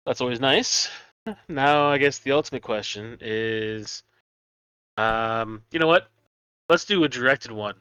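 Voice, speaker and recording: A man's voice: medium pitch, a little slow, bright, forceful tone, clean tone, no room sound, dull audio. A man running a tabletop game as game master, chatting casually and laughing easily between rules and scene-setting.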